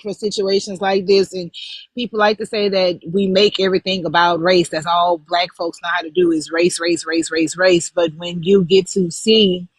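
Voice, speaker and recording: A woman's voice: on the low side, level tone, moderate pace, breathy edge, no echo, rough recording. An older woman co-hosting a live online talk show, speaking bluntly with sarcastic indignation. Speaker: co-host. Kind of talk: casual live-stream commentary.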